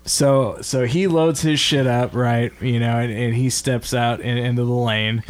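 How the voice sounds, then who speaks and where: A man's voice: medium pitch, fairly even intonation, unhurried. A man co-hosting a casual podcast, telling a story with plenty of swearing and laughter. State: drinking beer. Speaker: podcast co-host. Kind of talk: casual chat.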